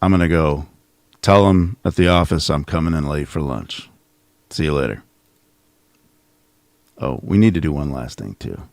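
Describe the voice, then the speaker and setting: A man's voice: very deep voice, moderate pace, vocal fry, pauses often, darkish tone, dry recording. A middle-aged man hosting a casual livestream, rambling and sarcastic as he mocks someone from his home office. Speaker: channel host.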